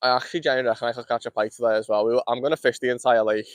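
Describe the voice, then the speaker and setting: A young man from Liverpool with a Scouse accent talks fast and chats with viewers as he fishes outdoors. He sounds cold but keeps it light, laughing often. His mid-pitched voice is recorded close and dry. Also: steady tone, no echo. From Liverpool, England. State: cold, shivering. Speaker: fishing streamer. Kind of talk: casual live-stream chat while fishing. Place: outdoors by a lake.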